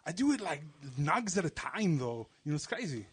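A man's voice: a little high, very animated, a little slow, husky, no echo, voice pushed down, heavily acted. A man doing a comedic impression of an aging bodybuilder action star, rambling and boastful with lots of "you know".

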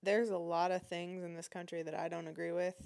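A woman hosting a podcast, telling a personal story in a lively, indignant way. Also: on the low side, brisk, gravelly. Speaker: podcast host. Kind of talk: casual storytelling.

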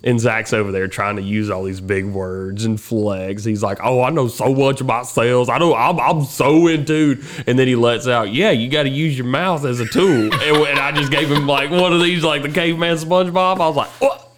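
A man co-hosting a casual podcast chat, telling animated stories, laughing often and swearing freely. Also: medium pitch, normal speed, hardly any pauses, a little hiss or hum. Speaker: podcast co-host.

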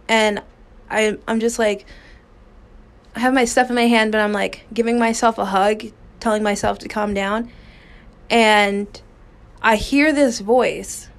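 Her pitch runs slightly high as she hosts her podcast and recounts something from her own life. She's candid and casual, swears without holding back, and often breaks off to restart what she's saying.

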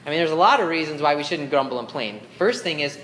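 A man's voice: on the high side, lively intonation, very fast, a bit bright, slight background noise. Young male youth pastor, chatty sermon delivery, roomy echo. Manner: casual, conversational preaching with fillers; acts out whiny grumbling voices. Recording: echoey room with faint ambience.

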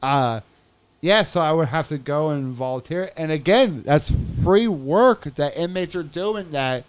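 A man's voice: fairly high pitch, animated, unhurried, smooth. A man telling stories in a casual, profane chat, acting out other people's voices as he goes.

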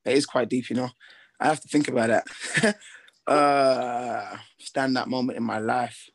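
A young man talks easily about his fights. His voice sits at an ordinary pitch, and he rambles with slang and restarts. He sounds relaxed and sure of himself. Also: measured pace, gravelly. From Britain, with Ghanaian heritage. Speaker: boxer, interview guest. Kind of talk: casual interview chat.

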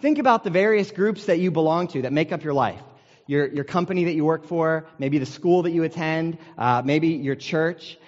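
An American man preaches in a loose, conversational way, telling stories and poking fun at himself. His voice sits a little high for a man. The sound is dull and muffled, with a long reverb trailing through a large hall. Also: moderate pace. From United States. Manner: conversational storytelling with self-deprecating humor. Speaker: pastor. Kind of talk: sermon.

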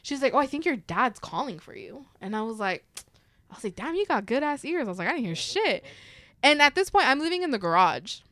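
Animated, foul-mouthed woman telling a story. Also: high-pitched, brisk. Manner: animated, profane, acts out quoted voices. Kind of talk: casual storytelling chat.

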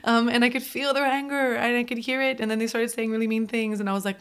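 A woman's voice: fairly high pitch, fairly even intonation, quick pace, hardly any pauses, smooth. A woman hosting an advice talk show, speaking in an earnest, emphatic way and often saying "like". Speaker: podcast host.

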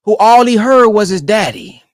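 A young man giving emphatic, animated commentary on a sermon clip he is reacting to. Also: high-pitched, normal speed, dry recording, clean studio sound. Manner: animated and emphatic, keeps urging "come on, man". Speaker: online commentator.

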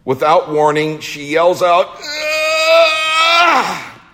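A man delivering a theatrical first-person monologue, slow and emotional, his voice rising in urgent swells. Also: medium pitch, animated. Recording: long hall reverb.

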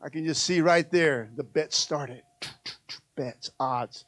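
A male pastor preaching an animated sermon, calling out to the congregation again and again. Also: a little high, slow, no echo.

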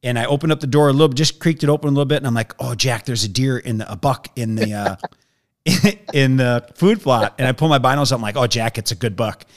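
A man telling a hunting story in a lively way, acting out the voices of the people in it. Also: mid-range voice, quick pace.

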